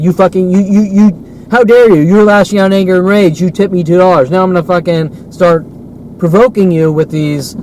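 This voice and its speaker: Man ranting alone in a car, agitated, profane, repetitive, fairly high voice, faint traffic hum behind. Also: darkish tone, rough recording. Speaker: vlogger. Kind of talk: ranting solo monologue.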